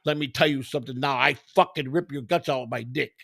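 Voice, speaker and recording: A man hosting a podcast, telling a crude comic story in a profane, animated way. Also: medium pitch, fast talker, creaky, no room sound, clean studio sound. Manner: profane, animated, acts out other people's voices in quotes. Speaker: podcast host.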